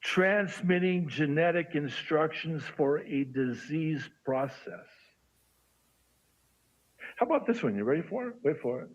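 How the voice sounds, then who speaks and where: A man's voice: on the high side, lively intonation, unhurried, muffled recording. A man joining a livestream, reading out a list of predictions with dramatic, teasing buildup. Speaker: guest on a livestream. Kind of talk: reading a list aloud with commentary.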